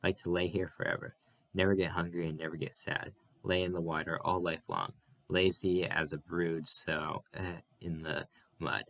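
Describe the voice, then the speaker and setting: Brief: a lazy, drawling young man, read by a man, deep and slow. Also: level tone, gravelly, a bit bright, no room sound. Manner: lazy, drawn-out. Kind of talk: audiobook character reading.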